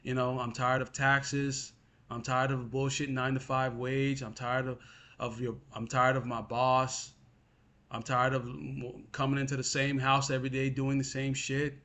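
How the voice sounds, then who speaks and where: A man's voice: medium pitch, little pitch movement, moderate pace, a bit bright. A young adult man venting in a frustrated monologue to his viewers, repeating himself and cursing as he talks. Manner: frustrated, repetitive, cursing, addresses listener as bro. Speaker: vlogger.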